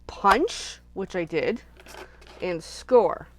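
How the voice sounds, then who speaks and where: A woman's voice: medium pitch, animated, extremely slow, fairly bright tone. A woman hosting a casual live crafting session, chatting and rambling as she thinks aloud while she works at her craft desk. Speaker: craft channel host.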